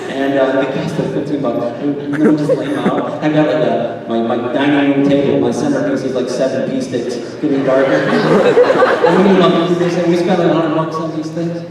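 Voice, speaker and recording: A man in his thirties doing a stand-up comedy set, telling stories in an animated way and acting out voices. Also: a little high, brisk, noisy background. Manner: animated storytelling, acts out voices of his wife and himself. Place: live comedy venue. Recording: echoey hall, distant mic, audience laughter.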